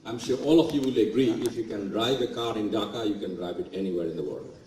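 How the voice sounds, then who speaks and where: A man's voice: lowish voice, fast talker, background noise. A man in his forties with a Bangladeshi accent giving a motivational speech, telling stories and acting out what others said to him. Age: 40s. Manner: storytelling, acting out quoted remarks. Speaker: guest speaker. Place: large event hall. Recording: echoey hall, mic at a distance.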